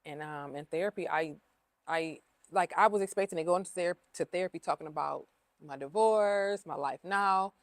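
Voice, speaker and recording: A woman's voice: lowish voice, normal speed, dry recording. A woman who owns a cleaning business, talking openly in a casual interview, emotional and repeating herself with lots of fillers. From Ohio.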